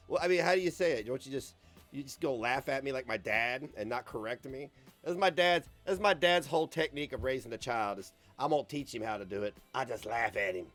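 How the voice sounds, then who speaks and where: A young American man streams from his home computer setup, chatting casually in a rambling, crude, sarcastic manner. His mid-range voice is brisk and a bit bright, with soft music playing in the background.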